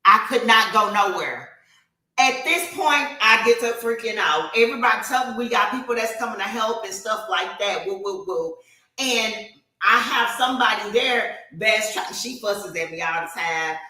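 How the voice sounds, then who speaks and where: A woman chats on a podcast, her voice bright and forward. She tells stories with animated energy and frequent fillers. The room around her is echoey. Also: mid-range voice, moderate pace. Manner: animated storytelling with many fillers. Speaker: podcast co-host. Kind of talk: casual podcast chat.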